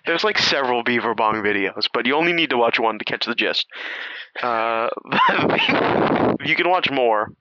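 Lively joking male podcast co-host. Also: medium pitch, measured pace, no echo. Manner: joking, rambling, laughs often. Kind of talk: casual chat. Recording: slightly dull lo-fi sound.

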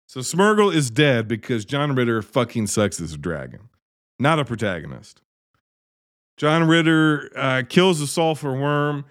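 A man's voice: on the high side, expressive, normal speed. A man giving a profane, sarcastic comedic recap of a movie, exasperated and swearing freely. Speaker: movie reviewer.

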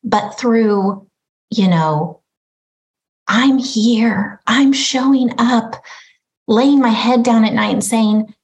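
A middle-aged woman with a slightly high voice talks earnestly as a guest on a podcast. She often acts out the thoughts in her own head. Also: drawn-out words, lo-fi sound. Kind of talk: reflective conversation.

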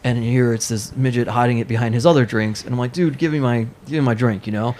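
A man hosting a podcast, telling a long funny story in a lively way and laughing as he goes. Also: mid-range voice, fast, a little hiss or hum. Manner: animated, laughing while telling stories. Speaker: podcast host. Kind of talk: casual storytelling.

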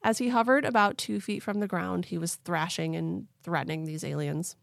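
A woman's voice: fairly low pitch, steady tone, moderate pace, gravelly, no room sound, clean studio sound. A woman hosting a podcast, telling a story in a chatty, playful way with lots of fillers. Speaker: podcast host. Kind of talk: casual storytelling chat.

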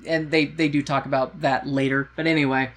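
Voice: mid-range voice, flat delivery, brisk, a bit bright. Brief: co-host, casual and crude, rambles through a plot recap, jokes often. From United States. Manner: joking, profane, rambling storytelling. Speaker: podcast co-host. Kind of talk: casual chat recapping a musical.

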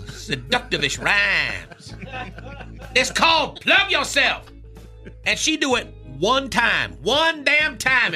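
Guy doing a cocky jive-talking radio dude, high voice, bouncy and lively, makes up dumb big words. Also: exaggerated voice. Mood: boastful. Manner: jive slang, invented long words, crude swagger. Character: brash boastful male radio character who coins fake words. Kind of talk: comedy radio bit.

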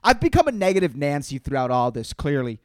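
A man's voice: fairly high pitch, big pitch swings, fairly quick, darkish tone, no echo. A man hosting a solo podcast while a bit tipsy. He rambles from topic to topic, swears freely and calls everyone "dude.". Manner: profane, slangy, jumps between topics, says "dude" constantly. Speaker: podcast host. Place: in front of a green screen.

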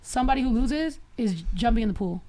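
A young woman with a high voice hosts a loose podcast, talking fast and cursing through loud banter. Other people chatter and react around her the whole time. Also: animated. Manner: loud, joking, profane banter. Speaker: podcast host. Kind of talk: casual chat.

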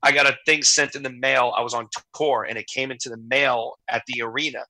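A man's voice: medium pitch, fairly even intonation, fairly quick, pushed and bright, no echo, rough recording. A man in his forties, a guest in a casual interview, telling candid, emotional stories full of quoted dialogue. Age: 40s. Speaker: guest entertainer.

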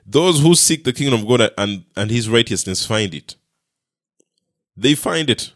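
A man preaching a sermon, building points through repetition and often checking with a quick "yeah?". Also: mid-range voice, animated, no room sound, clean studio sound. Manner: repetitive, emphatic, frequent "Yeah?" checks to listeners.

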